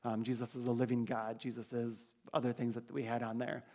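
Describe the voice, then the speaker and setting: A man's voice: medium pitch, fairly quick. Male trip leader, chatty and casual, telling a church crowd about the trip. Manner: chatty, animated when quoting others. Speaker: mission trip leader giving a church report. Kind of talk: casual storytelling to a congregation.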